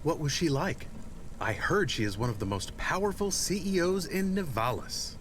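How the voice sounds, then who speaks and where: An actor voicing a loyal, literal-minded robot dog companion in a video game, speaking earnestly. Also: male voice, normal speed, slight background noise. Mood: curious. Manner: earnest, literal, lively pitch. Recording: game audio over music.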